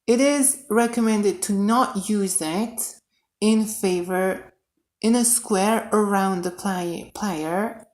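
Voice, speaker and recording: Excitable woman streaming her mod work. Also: mid-range voice, slow. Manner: excitable, thinks aloud, bursts into shouts; mutters quietly while working. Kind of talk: live coding stream.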